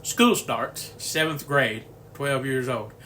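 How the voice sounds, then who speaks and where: Slow and medium-pitched, his voice sounds pushed and bright over a little hiss or hum. In his sixties, he hosts a home cooking video from his kitchen, chatting casually as a folksy storyteller who rambles and often chuckles.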